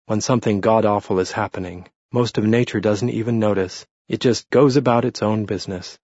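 Brief: narrator doing a thoughtful young man, husky low voice, dry close sound. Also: fairly even intonation, a little fast, a little mellow, dry recording, dull audio. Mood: reflective. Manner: earnest, reflective.

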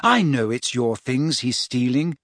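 A man voicing an anxious, bossy teenage girl witch in an audiobook, shrill when alarmed and hushed when urging. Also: expressive, measured pace, dry recording, studio quality. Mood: earnest. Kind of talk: audiobook character voice.

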